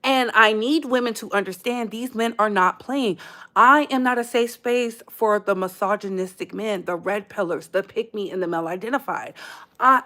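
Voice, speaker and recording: A woman's voice: mid-range voice, a bit bright. An American woman hosting a casual commentary channel, talking in a sassy, emphatic way and calling her listeners "baby.".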